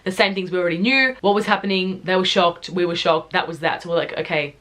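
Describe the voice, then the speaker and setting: A young woman from Australia in a casual storytime vlog, retelling events in a chatty, animated way full of filler words. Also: on the low side, quick pace. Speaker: YouTuber telling a story.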